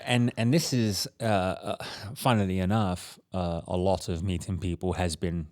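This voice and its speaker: A man's voice: low voice, steady tone, normal speed, darkish tone. A young Englishman with an English accent, co-hosting a casual podcast in a dry, joking way, often restarting his sentences. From England. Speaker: podcast co-host. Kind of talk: casual chat.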